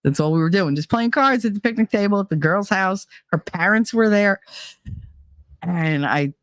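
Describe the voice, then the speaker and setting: A middle-aged woman hosting a casual chat, telling a story in an animated way, swearing and mimicking other people's voices. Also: medium pitch, normal speed, no room sound, clean studio sound. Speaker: channel host.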